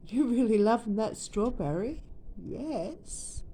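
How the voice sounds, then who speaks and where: A woman's voice: fairly high pitch, lively intonation, slow pace, dark tone, husky. A woman chatting to her pet parrot in a sing-song, doting baby-talk way. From Australia. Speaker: pet owner. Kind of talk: casual chat to a pet bird.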